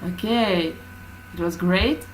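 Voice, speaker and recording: Slow, hesitant woman teaching a class. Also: fairly low pitch, slight background noise, poor audio. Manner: hesitant, many fillers. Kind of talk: classroom lesson explanation.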